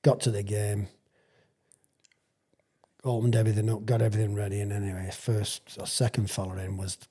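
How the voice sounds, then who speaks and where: Man around 60, retired footy player spinning a yarn, husky warm voice, keeps restarting and chuckling. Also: lowish voice, level tone, brisk. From England. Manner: rambling, chuckling storyteller with frequent restarts. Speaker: retired rugby league player, podcast guest. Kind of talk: casual storytelling anecdote.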